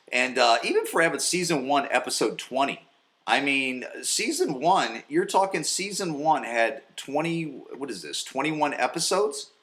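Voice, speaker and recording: A man's voice: medium pitch, a bit bright, roomy sound. Profane rambling man in his forties. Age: 40s. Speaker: podcast host. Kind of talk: casual solo recap. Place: home basement.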